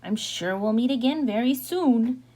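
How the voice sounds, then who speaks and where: A woman voicing a sly, smooth-talking male wolf who speaks with mock politeness in a storybook reading. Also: on the high side, lively intonation, unhurried, dark tone. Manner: honeyed, mock-courteous, lingering words.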